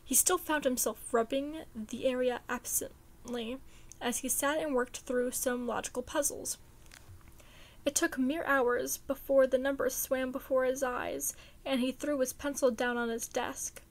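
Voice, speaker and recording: High-voiced woman reading fan fiction. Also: a little slow. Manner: casual, chatty, expressive.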